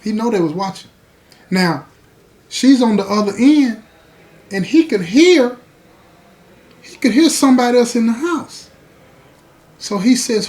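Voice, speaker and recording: High-voiced man telling a story. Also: lively intonation, unhurried, pauses often, darkish tone. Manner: folksy, repeats "you know what I'm saying". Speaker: podcast host. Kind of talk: conversational storytelling.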